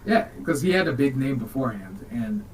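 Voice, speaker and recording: Male podcast co-host, animated jokey recap, average pitch, distant mic. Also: fairly quick. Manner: animated, joking retelling. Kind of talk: casual chat reviewing a movie.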